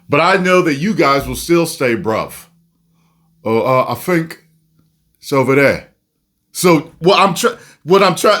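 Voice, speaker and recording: A man with a New Jersey accent hosting a casual reaction video, ranting and laughing as he talks. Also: a little high. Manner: animated, laughing, rambling rants.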